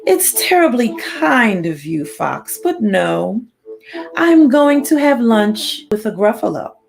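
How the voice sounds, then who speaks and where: A woman's voice: on the high side, big pitch swings, slow, creaky, darkish tone, heavily acted. A woman voicing a clever little brown mouse in a storybook read-aloud, bold and matter-of-fact. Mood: cheeky.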